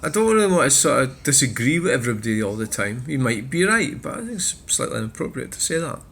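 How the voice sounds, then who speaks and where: A man's voice: mid-range voice, big pitch swings, fast, vocal fry, a bit bright, slight background noise. A Scottish man hosting a vlog, bluntly and swearily reacting to viewer comments. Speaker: channel host.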